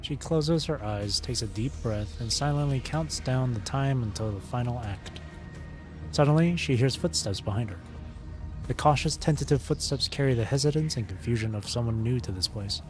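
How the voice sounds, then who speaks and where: A man's voice: medium pitch, lively intonation, normal speed, darkish tone, soft background music. Man narrating a game's story on stream. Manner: narrates steadily, with small slips and restarts.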